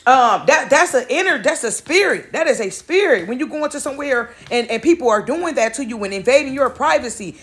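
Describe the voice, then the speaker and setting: A woman with a high-pitched voice rambling through a casual vlog story. She swears freely, quotes what she told others, and keeps checking in with a quick "right?". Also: fairly bright tone. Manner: retells her own words with "I said". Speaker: vlogger.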